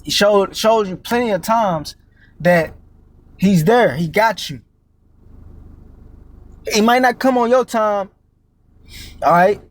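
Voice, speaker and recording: A man's voice: high-pitched, animated, slow pace, pauses often, dry recording. A man giving an informal, profane street-style sermon, tagging lines with "man" and "all right?", stammering and repeating words as he searches for what to say. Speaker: preacher.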